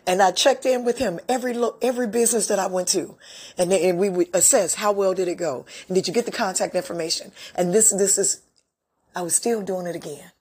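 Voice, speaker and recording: A woman's voice: mid-range voice, a little fast, a little mellow, husky. A middle-aged woman hosting a podcast, telling a personal story in a candid, emotional way and laughing often. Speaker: podcast host.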